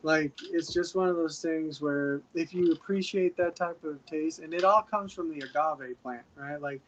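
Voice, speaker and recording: A man hosting a livestream in casual chat, laid-back and profane and quick to laugh. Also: a little high, dull audio, a little hiss or hum. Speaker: livestream host. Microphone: streaming mic.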